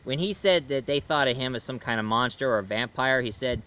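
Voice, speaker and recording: A man's voice: medium pitch, fast, sharp tone, poor audio. A man chatting through a casual video film review, rambling with many fillers and restarts. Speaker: movie reviewer.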